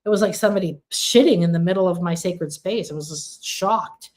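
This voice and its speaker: A woman's voice: fairly low pitch, brisk, a little mellow. A woman hosting a live stream of spiritual readings. She speaks earnestly and emphatically, and repeats words for stress as she chats with her viewers.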